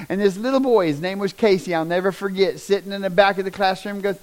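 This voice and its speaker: A middle-aged man shares a testimony as a folksy storyteller. His voice sits slightly high for a man, and he swells into animated bursts of emphasis. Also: fast, few pauses, low-quality recording. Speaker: speaker sharing a personal testimony.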